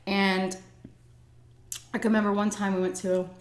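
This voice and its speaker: A woman's voice: mid-range voice, level tone, moderate pace. A woman vlogger telling a personal story in a casual, chatty way, with many "like" and "um" fillers. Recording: echoey room.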